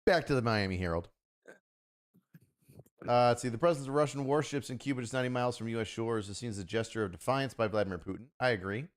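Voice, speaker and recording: A man in relaxed stream talk, mid-pitched and conversational. He swears freely and slips into rants, acting out the people he quotes. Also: quick pace. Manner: profane, animated when ranting, acts out quoted voices. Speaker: stream host. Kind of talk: casual talk commentary.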